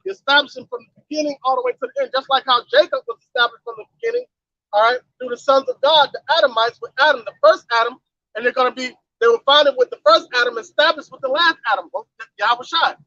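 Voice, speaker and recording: High, bright man preaching emphatically. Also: expressive, fast, dry recording. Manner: preachy and emphatic, ends points with "man" and "all right". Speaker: Bible study participant. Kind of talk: religious discussion. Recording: dull lo-fi sound.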